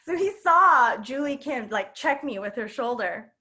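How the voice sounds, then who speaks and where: A woman with a New York accent and a slightly high, sharp voice tells a personal story at a measured pace with lively intonation. It's a live storytelling night in a queer bookstore event space, and she's chatty, laughing, and full of fillers.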